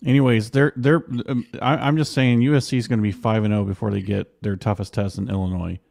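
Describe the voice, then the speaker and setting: A man with a low, gravelly voice makes sardonic football predictions in casual chat, ribbing the others as he goes. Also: fairly even intonation, a little fast, darkish tone, no echo, studio quality. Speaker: podcast co-host.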